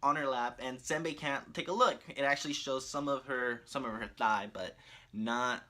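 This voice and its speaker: A man casually recapping a cartoon story as a video creator, animated and laughing often. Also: medium pitch, moderate pace.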